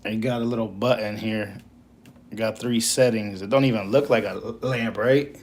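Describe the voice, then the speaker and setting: A man's voice: fairly low pitch, steady tone, moderate pace, a little mellow. A man who drives trucks chatting casually on a live stream, rambling with lots of fillers. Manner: rambling, filler-heavy, "you know" constantly.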